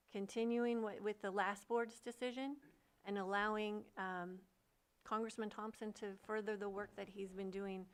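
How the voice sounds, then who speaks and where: Lady supervisor at a county board meeting, bit of vocal fry, takes her time. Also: mid-range voice. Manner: measured, with frequent fillers. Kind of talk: public meeting remarks.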